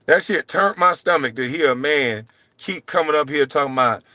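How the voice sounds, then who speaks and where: A man hosting his own show, delivering a heated, profane solo rant, taunting and swinging between loud jabs and low mutters. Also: moderate pace, no echo. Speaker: show host.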